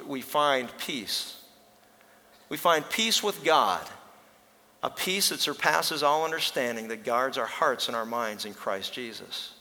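Bright-voiced preacher man in a reverberant hall. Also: mid-range voice. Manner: earnest preaching, slows for emphasis, rises to act out a story. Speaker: pastor. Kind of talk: sermon.

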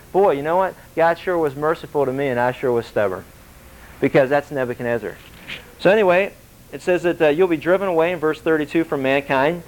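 Man, pastor, sermon, fairly high voice, animated, conversational, acted-out quotes. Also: low-quality recording. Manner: animated, acts out quotes with shifting voice; conversational, asks the congregation questions.

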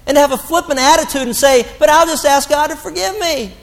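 A man preaching a sermon as pastor, animated and blunt, mocking the excuses he quotes. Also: very high-pitched, quick pace, gravelly, in a large hall.

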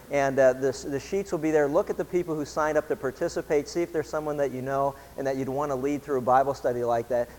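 A male pastor with a fairly high pitch preaches in church, first telling a story in an easygoing, conversational manner and then turning to scripture. Long hall reverb fills the recording.

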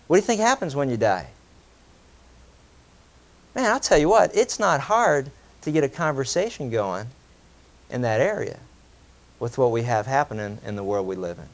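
A middle-aged man delivers a sermon, shifting between playful asides and earnest rhetorical questions. His voice sits a little higher than most men's, and he keeps an animated, conversational preaching style. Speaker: pastor.

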